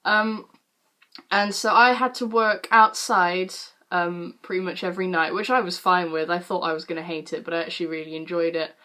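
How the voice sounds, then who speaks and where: A British woman in her late teens telling a story to camera in a casual, animated way, with lots of fillers and casual swearing. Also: fairly low pitch, moderate pace. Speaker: vlogger.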